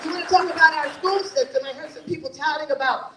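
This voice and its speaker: Woman mayoral candidate, very high voice, emphatic stump speech, echoey room from far off. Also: fast, a loud crowd, heavy background noise. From New Haven, Connecticut. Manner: emphatic, rousing, rhetorical questions. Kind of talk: campaign forum speech.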